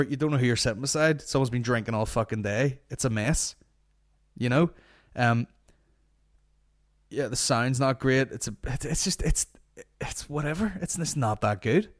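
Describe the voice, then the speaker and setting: A man's voice: medium pitch, moderate pace. A young man with a Northern Irish accent hosting a podcast, rambling through sweary casual banter. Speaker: podcast host. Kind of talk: casual chat.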